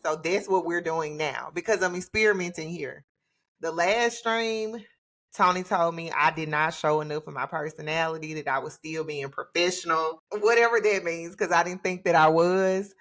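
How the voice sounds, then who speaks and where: A woman hosting her own livestream from home, talking in a relaxed, chatty way and laughing often. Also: fairly low pitch, unhurried. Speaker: livestream host. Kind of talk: casual livestream chat. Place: home with children.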